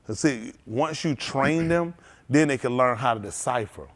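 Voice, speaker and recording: Male pastor preaching, lively and loud. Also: mid-range voice, moderate pace. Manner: animated preaching with laughs and audience call-outs. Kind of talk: sermon.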